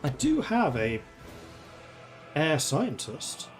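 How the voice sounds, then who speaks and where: A man's voice: on the high side, huge pitch swings, very slow, music in the background. A man streaming a strategy game, thinking aloud in a chatty, playful way as he plays. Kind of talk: casual gameplay commentary.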